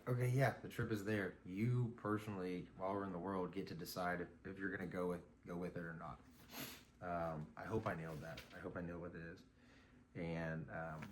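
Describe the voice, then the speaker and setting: Deep voiced guy riffing in a casual vlog, lots of ums, bit of background hiss. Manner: rambling, reflective, many fillers and restarts. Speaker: vlogger. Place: outdoors on a morning run.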